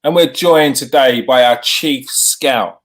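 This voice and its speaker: A man's voice: medium pitch, slow pace. A man hosting a live show, chatting with viewers and repeating himself as he goes. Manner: lively, talks to the chat, repeats himself. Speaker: host.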